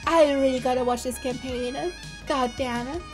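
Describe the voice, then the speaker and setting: A woman's voice: high-pitched, steady tone, moderate pace, over music. A woman streamer chatting casually while reacting to videos, laughing often and musing aloud.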